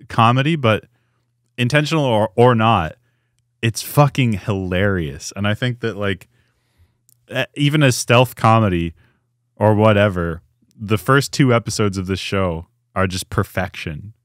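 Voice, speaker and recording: A man's voice: fairly low pitch, unhurried, dry recording, studio quality. Laughing man gushing on a podcast. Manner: animated, laughing, mimics characters. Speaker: podcast co-host. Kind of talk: casual chat.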